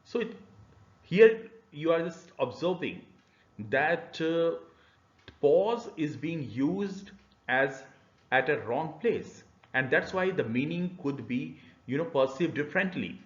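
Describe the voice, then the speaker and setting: A man's voice: a little high, animated, slow pace. A man giving a recorded university e-learning lecture, explaining patiently with many "uh" fillers. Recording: roomy, slightly dull lecture recording.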